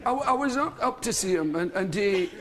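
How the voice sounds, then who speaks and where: A man's voice: high voice, lively intonation, moderate pace, background noise. A Scottish man telling comic stories as a talk show guest, laughing through them. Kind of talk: comic storytelling. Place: television studio with audience.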